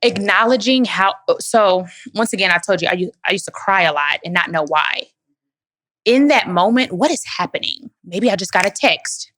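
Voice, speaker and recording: A woman's voice: mid-range voice, expressive, moderate pace, fairly bright tone. A woman from Dallas, Texas, answering audience questions in an emphatic, preachy motivational way, calling listeners "baby.". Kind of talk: motivational live Q&A talk.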